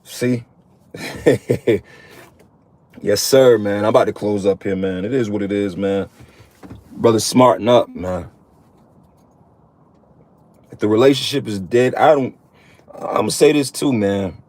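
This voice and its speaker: A man's voice: on the low side, slow, pauses often, darkish tone. A man in his thirties preaching bluntly and profanely to other men, often tagging sentences with "man". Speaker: religious vlogger. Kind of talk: profane street-preaching monologue.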